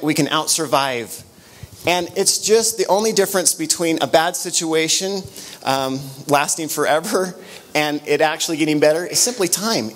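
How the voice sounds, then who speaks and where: A middle-aged man speaks at a conference in a slightly high voice. He tells stories with energy and often restarts his sentences. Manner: storytelling, animated, with frequent restarts. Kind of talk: motivational conference talk with anecdotes. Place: conference room.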